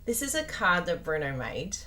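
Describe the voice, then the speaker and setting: A woman's voice: lowish voice, very animated, normal speed, pushed and bright, slight background noise. A woman with an Australian accent hosting a chatty live card-making tutorial, bubbly and talking straight to her viewers. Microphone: plugged-in microphone at a desk.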